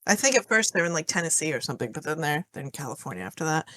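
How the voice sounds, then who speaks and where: A woman's voice: sits low, very animated, rapid-fire, a bit bright, dry recording. A woman co-hosting a podcast, chatting casually about a film, filling her talk with "like" and small laughs. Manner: chatty, giggly, lots of "like". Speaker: podcast co-host. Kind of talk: casual film review chat.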